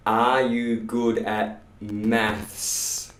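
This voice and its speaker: A man teaching English pronunciation in a classroom, slowly drilling sounds and words with lots of repetition. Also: lowish voice, expressive. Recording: echoey room, voice from far off.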